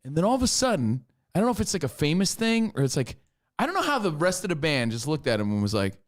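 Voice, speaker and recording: A man co-hosting a radio show, telling stories in casual, excitable banter. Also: on the high side, fast. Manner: animated, excitable storytelling.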